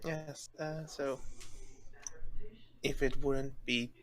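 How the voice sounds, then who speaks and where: A man playing a polite male dwarf cleric who speaks hesitantly, with many pauses and fillers. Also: medium pitch, fairly even intonation.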